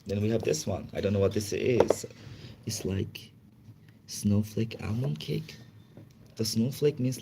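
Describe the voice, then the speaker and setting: Male streamer, lower-pitched voice, casual halting English, chatty and quick to laugh. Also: vocal fry, heavy background noise. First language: Chinese. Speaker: livestream host. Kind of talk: casual livestream chat.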